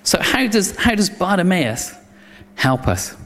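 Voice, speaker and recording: Male preacher, slightly high voice, animated sermon with stumbling restarts and acted crowd voices, long hall reverb. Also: a little slow.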